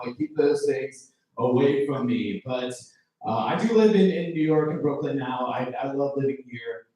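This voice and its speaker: A man's voice: fairly high pitch, darkish tone. A male stand-up comedian from Iowa delivering a chatty, self-deprecating set in a comedy club. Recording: very echoey club from far off.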